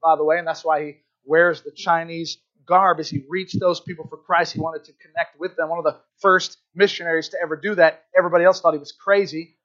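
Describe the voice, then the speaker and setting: A man preaching a sermon in church, earnest and conversational, often checking in with his listeners with quick asides. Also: on the high side, steady tone, fairly bright tone, highs cut off. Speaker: pastor.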